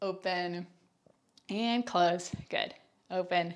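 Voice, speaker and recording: A woman's voice: lowish voice, fairly even intonation, drawn-out words, clean tone. A woman instructing a follow-along Pilates workout, counting reps and giving upbeat cues with chatty asides while she is out of breath.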